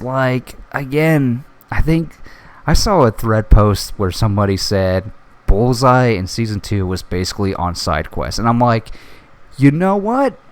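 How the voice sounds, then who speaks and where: A man hosting a casual solo podcast, reviewing a TV show in an excitable way, swearing often and full of fillers. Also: on the low side, clean tone. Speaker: podcast host.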